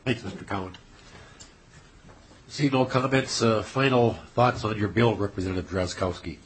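A man chairing a legislative committee hearing, brisk and procedural. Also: fairly low pitch, a little hiss or hum, rough recording.

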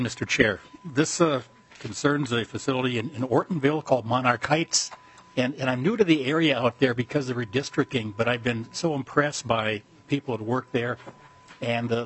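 A man, a state representative, presenting his bill to a committee in a halting way with many restarts. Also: mid-range voice, a bit bright, slightly rough, rough recording. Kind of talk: legislative testimony.

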